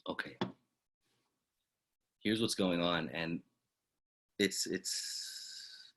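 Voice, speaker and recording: A man, a rabbi, teaching a lesson through dramatic storytelling that swings from loud exclamations to hushed asides. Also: low voice, very slow, gravelly, long pauses.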